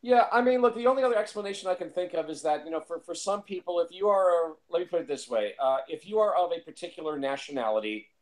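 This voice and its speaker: A man's voice: a little high, lively intonation, fast talker, hardly any pauses. A man talking casually about films, rambling and repeating himself with lots of fillers. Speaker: film reviewer. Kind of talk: casual film discussion.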